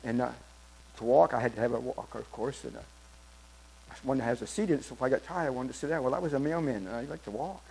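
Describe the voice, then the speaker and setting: Gravelly older man giving church testimony. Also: mid-range voice, warm tone, a little hiss or hum, poor audio. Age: 70s. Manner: halting storyteller with restarts.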